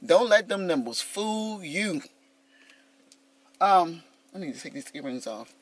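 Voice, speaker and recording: A woman's voice: on the low side, expressive, measured pace, no room sound. A woman in her fifties talking casually to her vlog viewers, telling a story with lots of animation and calling them y'all. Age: 50s. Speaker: vlogger.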